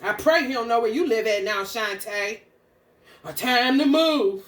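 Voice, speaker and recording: A woman's voice: fairly high pitch, expressive, a little slow, reverberant. A woman ranting angrily, confrontational and full of swearing. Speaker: spiritual content creator. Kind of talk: profane stream-of-consciousness rant.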